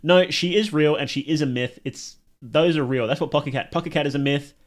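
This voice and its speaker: A man's voice: on the high side, a little fast. A young man with an Australian accent, chatting casually with his live stream chat and laughing often.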